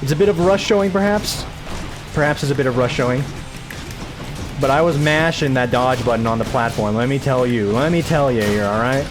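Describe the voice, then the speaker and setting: A man's voice: medium pitch, brisk, music in the background. A man hosting a gaming video, giving casual let's-play commentary with rambling, self-mocking asides.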